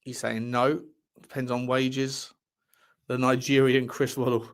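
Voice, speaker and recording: A man's voice: mid-range voice, flat delivery, measured pace. A man hosting a football fan livestream, reading articles aloud with cheeky asides and repeating his phrases. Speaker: host of a football fan show. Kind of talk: casual livestream chat reading transfer news.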